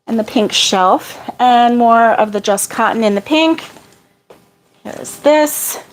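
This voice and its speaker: A middle-aged woman talks slowly and loosely while sorting yarn for her crochet channel. Her voice sits a little high for a woman. She pokes fun at herself and laughs easily. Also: poor audio. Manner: chatty, self-deprecating, laughs often. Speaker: crochet vlogger.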